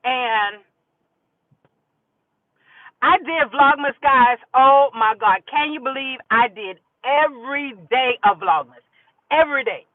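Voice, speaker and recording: A woman's voice: high-pitched, no room sound. Chatty woman vlogger on a thin phone line. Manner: chatty, repeats herself, talks to viewers directly. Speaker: YouTuber. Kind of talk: casual vlog chat. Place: outdoors in sunlight. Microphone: phone camera. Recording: thin phone-like sound, dry.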